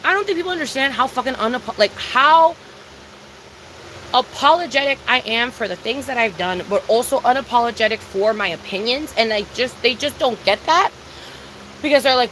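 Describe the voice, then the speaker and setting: The audio is poor, with slight background noise, as a young woman with a fairly high, somewhat bright voice talks a little fast. Livestreaming to her viewers, she's casual and confessional, emphatic, swearing heavily and going over the same things repeatedly.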